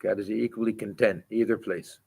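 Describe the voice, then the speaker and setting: A man teaching a spiritual scripture class in a gentle, halting way with many restarts. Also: on the low side, fairly even intonation, vocal fry, husky. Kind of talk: spiritual lecture.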